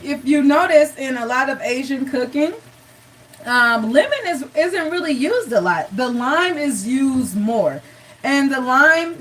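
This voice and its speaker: A woman's voice: on the high side, distant mic, low-quality recording. A woman hosting a live cooking show, chatty and encouraging, talking straight to her viewers.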